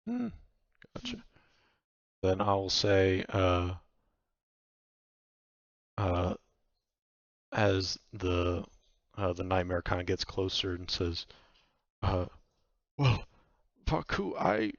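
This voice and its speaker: A man's voice: deep voice, expressive, slow, pauses often, no echo. A man narrating a tabletop game as game master, hesitant and full of fillers, on a dull, dry, lo-fi recording.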